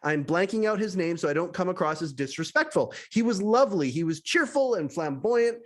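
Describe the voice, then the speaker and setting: A man from western Canada, a podcast host, reading a personal essay aloud with animated storytelling and wry asides. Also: high voice, brisk. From British Columbia, Canada.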